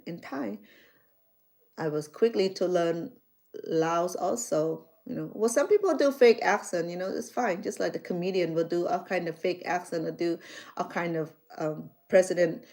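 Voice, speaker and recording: A middle-aged woman from Cambodia with a Cambodian accent, chatting casually to her viewers and acting out conversations as she tells stories. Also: fairly low pitch. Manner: animated storytelling, acts out dialogue, frequent restarts. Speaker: chef and vlogger.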